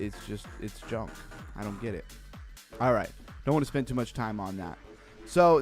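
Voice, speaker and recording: A man hosts a casual crypto livestream from home, chatting loosely with viewers at an average pitch. He often trails off into quiet mumbles between points. Faint music plays behind him. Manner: chatty, reads chat messages aloud, trails off into low mumbles. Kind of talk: casual live-stream chat.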